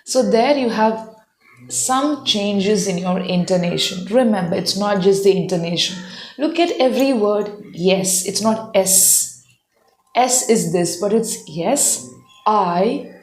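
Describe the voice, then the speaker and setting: A woman's voice: mid-range voice, animated, measured pace, roomy sound. A woman giving a spoken English lesson, patiently explaining and modelling sentences for learners to repeat. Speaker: English teacher.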